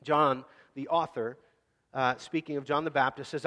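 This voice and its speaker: A man preaching a sermon in a casual, animated way, acting out scenes. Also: medium pitch, moderate pace, in a large hall. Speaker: pastor.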